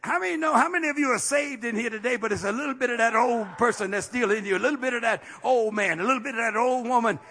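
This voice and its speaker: A male pastor preaching a fiery, folksy sermon, peppered with amens and rising to shouts. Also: extremely high pitch, fast talker, hardly any pauses. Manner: folksy, plain-spoken.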